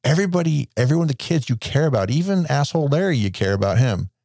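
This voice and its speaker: A man's voice: mid-range voice, lively intonation, very fast, a little mellow, no room sound, studio quality. A man chatting about a film on a podcast, enthusiastic and rambling, swearing freely. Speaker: podcast co-host. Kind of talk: casual movie discussion.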